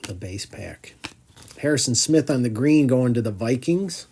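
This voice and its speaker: Male card break host, chatty and slow, names every card, groans at misses. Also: medium pitch, expressive, mellow, slight background noise. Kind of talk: live card break commentary.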